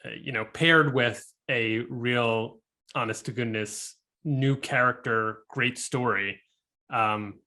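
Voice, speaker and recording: A man's voice: medium pitch, takes it slowly, sharp tone. A man hosting an interview, asking questions in a hesitant way full of fillers. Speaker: podcast host, interviewer.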